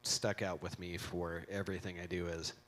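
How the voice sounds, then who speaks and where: This is an informal eulogy from a middle-aged man on a handheld mic in a convention hall, full of jokes, rambling stories, and acted quotes. He speaks in a low voice with little pitch movement at normal speed, with a fairly bright tone and slight hiss or hum.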